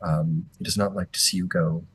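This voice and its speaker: A man's voice: deep voice, fairly even intonation, fairly quick, husky, low-quality recording. A man narrating as game master, rambling and hedging with lots of fillers.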